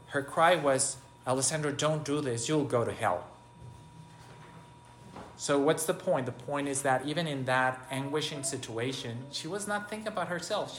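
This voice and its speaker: A man preaching an informal spiritual meditation, halting often, restarting phrases and asking rhetorical questions. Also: medium pitch, a bit bright, a little hiss or hum. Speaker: preacher giving a spiritual talk. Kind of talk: informal sermon, spoken meditation.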